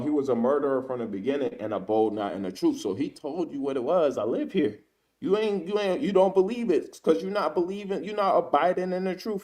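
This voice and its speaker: A man's voice: medium pitch, a little mellow. A man giving casual spoken commentary as a ministry speaker, who weaves in scripture quotes and keeps tagging his sentences with "man" and "right?".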